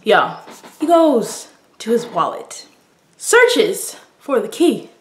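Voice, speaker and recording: A woman's voice: a little high, big pitch swings, takes it slowly. Dramatic young woman, echoey room. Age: young adult. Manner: breathless and dramatic, heavy use of "like". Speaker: vlogger. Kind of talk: story-time retelling.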